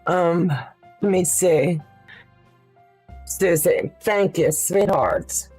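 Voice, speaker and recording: A woman hosts a live quilting demonstration from her sewing room, speaking slowly and unhurriedly. She chats and thinks aloud as she goes. Soft music plays faintly in the background. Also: on the low side, breathy edge. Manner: chatty, thinks aloud with fillers, answers viewer questions. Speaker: quilting livestream host.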